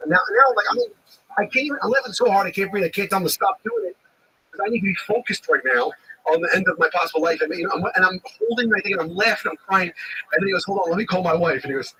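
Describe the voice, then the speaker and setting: A man in casual chat, retelling a story in an animated way, swearing freely and acting out what others said. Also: high-pitched, racing, a little hiss or hum, low-quality recording. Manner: animated, swearing, acts out quotes. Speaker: livestream host.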